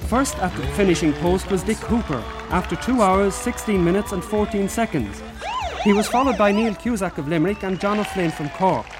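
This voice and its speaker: A man's voice: high voice, expressive, moderate pace. A man reading an old radio news report in a formal newsreader manner. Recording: old broadcast over loud music.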